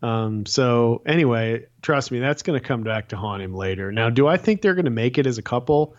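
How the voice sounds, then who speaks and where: Man, podcast co-host, animated storyteller, acts out quotes, dull lo-fi audio. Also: medium pitch, fairly quick. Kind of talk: casual chat recapping a TV show.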